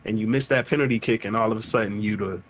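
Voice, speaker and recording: A man hosting a podcast in casual chat, animated, profane and emphatic as he talks with friends. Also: fairly low pitch, fast talker. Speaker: podcast host.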